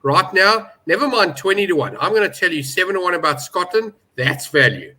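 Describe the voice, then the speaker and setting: A betting pundit with a high, sharp, animated voice speaks briskly in a casual panel chat, over poor audio with a little hiss or hum. He's opinionated and emphatic about prices, stressing his points hard.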